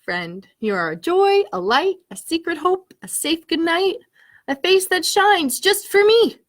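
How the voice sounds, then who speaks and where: A woman voicing a small, gentle forest mouse in a picture book read aloud, speaking softly and slowly. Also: extremely high pitch, expressive, voice pushed up. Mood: tender.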